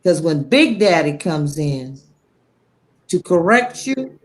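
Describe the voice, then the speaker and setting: A woman's voice: low-pitched, very animated. A woman speaking about faith on a talk show in a heartfelt, preachy way, salted with blunt profanity. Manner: impassioned, preachy, frank with profanity; slow, deliberate delivery.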